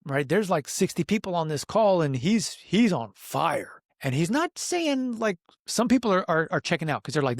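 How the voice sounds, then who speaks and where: A man's voice: fairly high pitch, expressive, moderate pace, few pauses, no room sound, studio quality. A men's coach, a man, talking earnestly in a casual podcast conversation, telling stories with emphasis and getting emotional.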